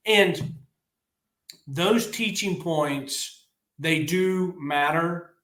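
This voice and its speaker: A man co-hosting a podcast, talking excitedly in a casual, rambling way with lots of restarts. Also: fairly high pitch, very slow, roomy sound. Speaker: podcast co-host. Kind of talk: casual sports chat.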